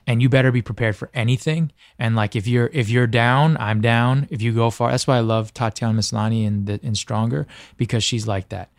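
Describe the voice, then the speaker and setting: A man's voice: mid-range voice, fairly even intonation, a little fast, hardly any pauses, no room sound. A man talks as a podcast guest, earnest and reflective, circling back and restarting his thoughts as he goes. His voice sits in an ordinary middle register. It is recorded close and dry on a studio microphone. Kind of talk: casual conversation.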